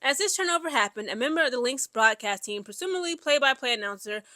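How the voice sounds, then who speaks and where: A woman's voice: high-pitched, fast talker, no echo. A young woman, giving casual, chatty sports commentary full of fillers and reading an article aloud. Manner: chatty, animated, many "like" and "you know" fillers.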